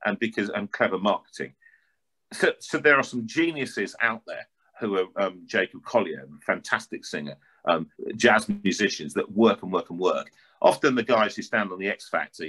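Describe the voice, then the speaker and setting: A man with a North London accent, an opera singer telling stories in an interview with lively, animated delivery and frequent word repeats. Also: on the low side, husky. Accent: North London English. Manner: lively, repeats words while building a point.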